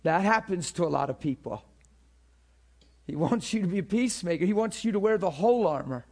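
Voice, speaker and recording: Conversational preacher man, fairly high voice. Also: expressive, a little fast, a little mellow. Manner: conversational, checks in with listeners often; repeats words when building a point. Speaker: preacher teaching a class. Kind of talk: sermon teaching.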